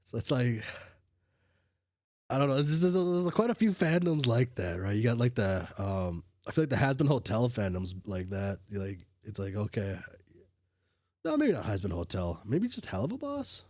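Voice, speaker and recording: A man's voice: medium pitch, big pitch swings, normal speed, a little mellow, no room sound, studio quality. Sick, rambling man on a stream. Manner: rambling, full of restarts and fillers; swears casually. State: sick, coughing. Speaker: streamer reading a webcomic. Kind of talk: casual livestream chat.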